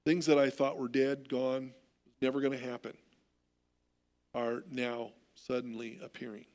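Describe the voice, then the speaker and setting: A middle-aged American man preaching a sermon as pastor, telling stories in an animated way and often repeating words. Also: medium pitch, measured pace.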